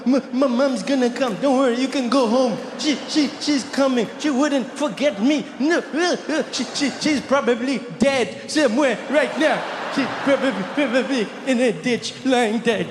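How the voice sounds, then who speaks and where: A man's voice: very high-pitched, normal speed, few pauses, reverberant, in a large hall, background noise, voice pushed up. A man doing a stammering, panicking young boy. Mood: panicked. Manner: stammering, frantic.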